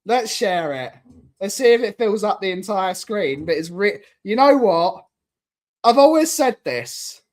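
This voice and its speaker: A man's voice: high-pitched, big pitch swings, measured pace. A man hosting a casual live stream, rambling and joking and repeating himself as he clicks through things on screen. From United Kingdom.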